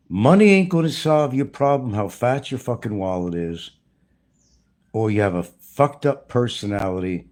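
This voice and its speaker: A man's voice: mid-range voice, lively intonation, normal speed, a little mellow. A man delivering a blunt, profane, preachy rant as a YouTuber. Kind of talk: ranting monologue to camera.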